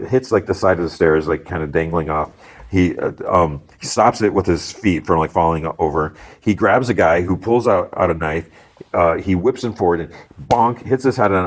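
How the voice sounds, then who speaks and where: A low-pitched man retells a show's episode in a loose, rambling way. He jumps into higher voices to act out the lines of dialogue, with plenty of "like" and "um" along the way. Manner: loose, filler-heavy retelling, quoting characters in raised voices. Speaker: podcast host recapping a TV episode. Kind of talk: casual recap, acting out dialogue.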